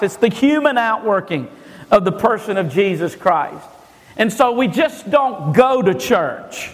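A man's voice: sits high, in a large hall, low-quality recording. A male pastor preaching a sermon emphatically, often restarting his phrases with stammered repeats.

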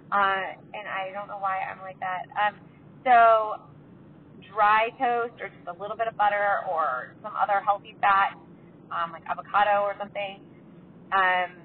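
A woman with a stuffy nose giving casual advice to her viewers, chatty and rambling with lots of fillers. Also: medium pitch. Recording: tinny phone-like sound, faint background noise.

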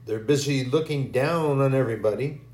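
A man's voice: medium pitch, normal speed, darkish tone, roomy sound. A man giving an informal, conversational sermon, acting out quoted voices and repeating phrases for emphasis. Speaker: preacher.

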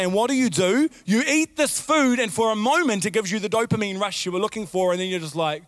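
A man preaching a sermon as pastor, animated, with sudden shouted outbursts and repeated phrases. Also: high voice, normal speed, dry recording.

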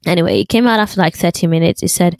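Animated young woman telling a story, dry sound. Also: on the low side, racing, no echo. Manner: animated, breathless storytelling with fillers. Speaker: vlogger. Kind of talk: casual storytime chat.

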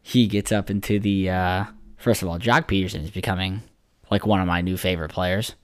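A man with a deep, low voice talks sports on a casual podcast. He rambles, swears freely and leans on filler words. The sound is dry, with no room echo. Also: steady tone, brisk. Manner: rambling, profane, lots of "like" fillers. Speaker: podcast co-host.

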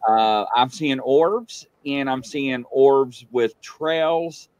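A man's voice: medium pitch, drawn-out words, darkish tone, no room sound. A man co-hosting a casual chat, talking emphatically and addressing listeners directly.

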